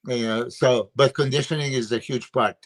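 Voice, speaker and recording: A man's voice: medium pitch, fairly even intonation, normal speed. Casting: emphatic guest coach, man, lots of "you know" and "uh", opinionated podcast talk over a video call. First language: Serbian. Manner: emphatic, filler-heavy, opinionated. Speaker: bodybuilding coach and guest analyst. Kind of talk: casual podcast chat.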